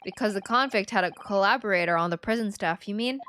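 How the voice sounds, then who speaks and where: A woman's voice: medium pitch, fast, a bit bright, a little hiss or hum, close to an everyday voice. A woman voicing a polite, earnest young male defense lawyer in a near-everyday voice.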